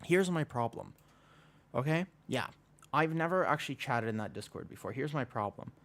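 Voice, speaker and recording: A man's voice: medium pitch, animated, normal speed, a bit bright. A man chatting casually to his live stream audience, rambling with frequent restarts.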